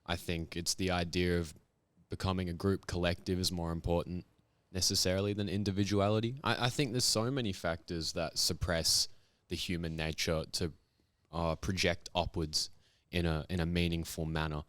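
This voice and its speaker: A man's voice: deep voice, steady tone, moderate pace, a bit bright, clean tone, dry recording. A man giving earnest, reflective opinions in casual podcast chat.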